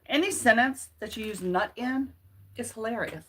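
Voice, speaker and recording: A woman's voice: medium pitch, animated, moderate pace, bright, forceful tone. Chatty woman hosting a casual livestream. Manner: chatty and playful, laughs at her own jokes. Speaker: channel host.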